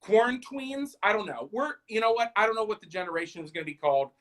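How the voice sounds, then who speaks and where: A man's voice: high-pitched, animated, fast talker, a bit bright, low-quality recording. A man in his thirties hosting a live stream, rambling through stand-up style jokes, self-deprecating and talking straight to his viewers.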